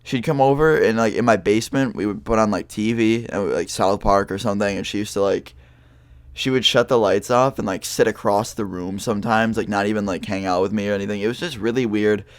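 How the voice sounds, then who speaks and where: A young man tells a personal story straight to camera. He rambles loosely, with fillers and swearing. His voice sits low and the sound is close and dry, with no room behind it. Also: a little fast, no room sound. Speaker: vlogger telling a story. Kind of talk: casual storytime monologue.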